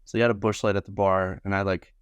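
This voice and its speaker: Młody mężczyzna z niskim głosem, ożywiony gawędziarz, suche nagranie z bliska. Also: male voice, quick pace, clear, resonant tone, no echo, highs cut off. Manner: animated, acts out quotes in higher voices. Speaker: podcast guest, bartender. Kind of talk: casual storytelling.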